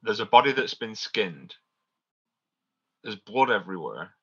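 Low, bright-toned man debating. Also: sing-song, a little slow, slightly rough, lo-fi sound. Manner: questioning, argues point by point. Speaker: podcast co-host. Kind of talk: casual chat.

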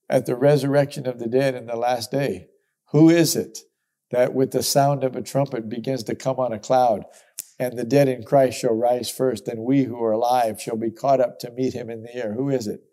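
Male Bible teacher, middle-aged, mellow tone, expressive verse-by-verse teaching. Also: medium pitch, gravelly. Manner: expressive, chuckling, emphatic exclamations.

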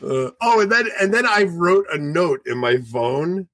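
A man in his forties co-hosting a podcast, telling stories in a lively, animated way and acting out what people said. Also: on the high side, measured pace, no room sound. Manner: animated storyteller, acts out quoted voices. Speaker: podcast co-host. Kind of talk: casual chat.

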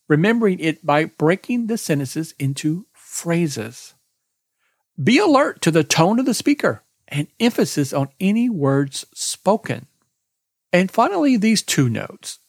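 A man hosting a podcast lesson on exam preparation, reading a scripted, deliberate lesson and spelling out web links letter by letter. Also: on the high side, no room sound, clean studio sound. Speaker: exam prep podcast host.

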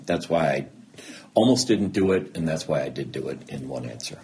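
A middle-aged Midwestern man with a very low voice tells a personal story in an interview, and his pitch swings widely as he acts out the people in it. A faint hum of ambience sits behind him. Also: moderate pace. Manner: animated, acts out both sides of quoted dialogue. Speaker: interviewed guest, TV news anchor.

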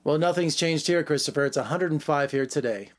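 Male interview host, fast-talking, fairly high voice, upbeat presenter delivery. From Las Vegas, USA. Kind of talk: broadcast interview hosting.

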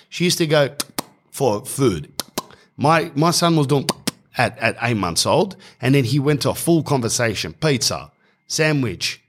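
A man, telling a comic story in casual podcast chat, animated and swearing freely. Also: a little slow. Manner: animated, mimics people with higher voices, swears casually.

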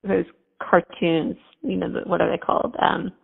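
Earnest woman guest, gravelly mid-pitched voice, tinny phone-like sound, heartfelt storytelling. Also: flat delivery, normal speed, long reverb tail. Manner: earnest, faith-focused, chatty with fillers. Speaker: podcast guest.

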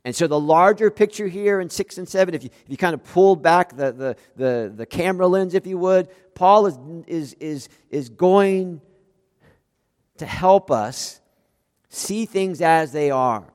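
A man preaching a sermon as pastor, animated, swinging between loud emphatic outbursts and quiet, low-voiced asides. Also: a little slow, big-room sound.

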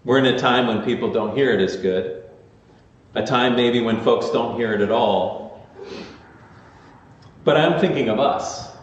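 A pastor with a medium-pitched voice preaches unhurriedly, leaving long pauses and speaking conversationally with fillers and restarts. The recording is captured from far off in a large, echoey church sanctuary and sounds muffled.

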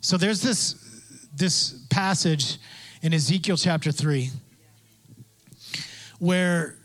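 A man preaching a sermon as pastor, conversational with asides, acting out quoted voices and building to loud emphasis. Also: on the high side, takes it slowly. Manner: conversational with asides and self-interruptions.

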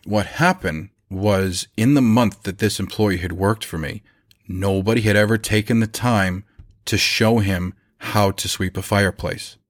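A man who owns a chimney service business, relaxed and anecdotal, telling a story from his work. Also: on the low side, a little slow, no echo, clean studio sound. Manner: relaxed, anecdotal, acts out quoted lines. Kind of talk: conversational storytelling about running a business.

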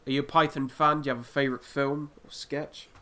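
A man's voice: mid-range voice, little pitch movement, quick pace, sharp tone, a little hiss or hum. Guy hosting a podcast, chatty, keeps saying "there" and "um". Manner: chatty, lots of fillers like "there". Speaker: podcast host. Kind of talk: casual podcast chat.

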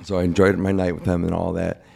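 In a casual interview, a young man shares his cancer story candidly and plainly, recounting his own experience and quoting others along the way. He speaks fast in a low, gravelly, dark monotone.

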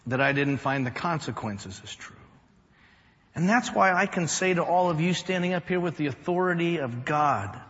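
A man in a pastor's role preaches a storytelling sermon, rising to loud emphasis and dropping to a hush. His voice sits a little high for a man. The sound is dull and carries a long reverb from a large church hall. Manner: storytelling, swings from loud to hushed. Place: church sanctuary.

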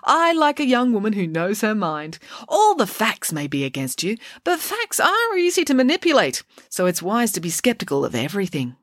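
A woman voicing a blustery middle-aged female professor who speaks brightly and pompously, with a hidden menace. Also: medium pitch, huge pitch swings, normal speed, few pauses, dry recording, studio quality, voice pushed up. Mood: menacing glee. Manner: bright, pompous, overloud laughter.

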